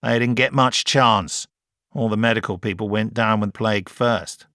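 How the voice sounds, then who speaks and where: A man's voice: on the low side, steady tone, moderate pace, bright, forceful tone, no echo, studio quality. A man voicing a dutiful male station officer in an audiobook, plain and subdued.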